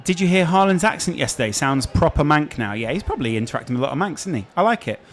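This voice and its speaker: A man's voice: a little high, lively intonation, quick pace. Chatty English man with a Scouse accent. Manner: chatty, reads out and answers viewer questions. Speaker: streamer host. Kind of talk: casual live-stream chat.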